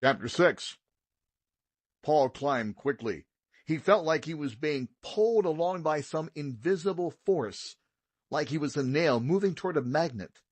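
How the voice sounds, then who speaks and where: A man with a husky, slightly breathy voice reads a children's audiobook aloud in a steady, expressive way. His voice is recorded close and dry, with no room sound behind it. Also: on the high side, unhurried, no room sound. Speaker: audiobook narrator. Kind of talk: scripted narration.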